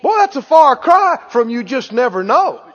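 High-voiced preacher in a church hall. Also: male voice, sing-song, moderate pace, slight background noise. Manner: call-and-response preaching, rising to shouts. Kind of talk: sermon. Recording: dull recording in a reverberant hall.

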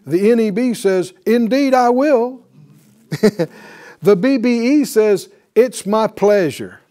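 A man teaching a Bible class in a fervent preaching style, breaking into hallelujahs and quick laughs. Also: sits high, animated, dark tone.

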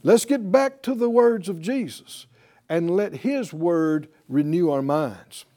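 Male pastor mid-sermon, emphatic and questioning, fairly high voice with a warm, dark tone. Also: lively intonation, takes it slowly. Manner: emphatic preaching with rhetorical questions.

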